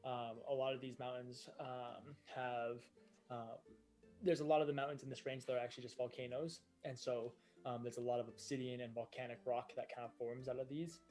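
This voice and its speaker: Mellow-voiced man narrating a tabletop game. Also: medium pitch, flat delivery, fairly quick, faint music behind. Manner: meandering, full of fillers and self-corrections. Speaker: game master.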